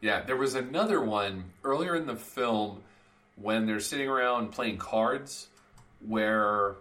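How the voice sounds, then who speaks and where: A man's voice: lowish voice, slow, bright, forceful tone. A man co-hosting a film review podcast in casual chat, thinking aloud with restarts. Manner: hesitant, lots of restarts. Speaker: podcast host.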